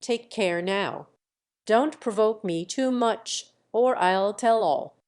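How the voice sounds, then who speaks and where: A woman's voice: medium pitch, slow pace, a little mellow. A woman voicing a bitter young man who taunts his father with malice. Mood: sneering. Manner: sneering, malicious.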